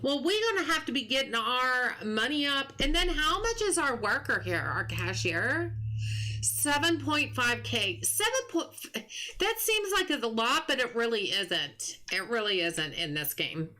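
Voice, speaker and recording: A woman live-streaming a game in a bright, fairly high voice that swoops up and down a lot. She talks in an unhurried way, thinking aloud about the game and stopping to greet viewers by name. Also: sing-song. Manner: chatty, muses aloud and greets viewers from chat. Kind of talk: casual live gameplay chatter.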